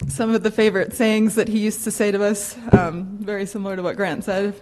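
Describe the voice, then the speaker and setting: A woman speaking at her grandfather's funeral, close to tears, rambling and apologetic, laughing softly between memories. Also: medium pitch, flat delivery, fairly quick. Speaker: granddaughter giving a eulogy. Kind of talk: unscripted funeral eulogy. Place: funeral home chapel.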